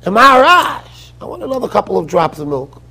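Newborn baby voiced by a man, hungry, mock-innocent, hushed, gravelly. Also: sits high, big pitch swings, fairly quick, exaggerated voice. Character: hungry newborn baby justifying waking mother.

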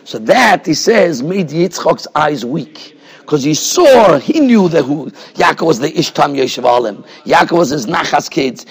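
A husky-voiced man, a rabbi teaching a Torah class in a yeshiva. His voice sits high for a man. He explains at length and keeps checking in with his listeners. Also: a little mellow. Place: yeshiva study hall.

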